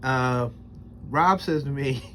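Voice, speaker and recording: A man's voice: mid-range voice, slow pace, fairly bright tone, slight background noise. A man hosting a casual knife review, rambling and chuckling, with emphatic stress when he lays out rules. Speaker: host of a knife review channel. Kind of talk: casual spoken product review.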